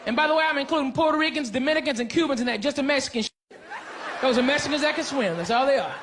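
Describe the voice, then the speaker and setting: A man's voice: very high voice, very fast, background noise. A man performing a brash, profane stand-up comedy set before a live audience in a large venue. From Arkansas, US. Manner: brash, profane, punchy delivery with crowd work. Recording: reverberant live hall with crowd laughter.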